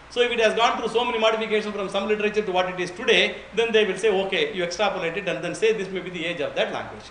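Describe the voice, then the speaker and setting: A man's voice: sits high, fairly bright tone, reverberant, slight background noise, poor audio. A man giving an informal spoken lecture on Vedic chanting, explaining with anecdotes and frequent restarts.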